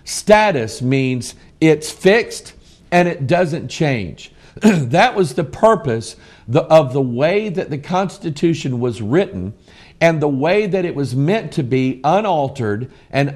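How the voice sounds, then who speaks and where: Hosting a broadcast, this middle-aged American preacher reads out news stories and responds to them with real passion. He speaks in a slightly high, slightly mellow voice.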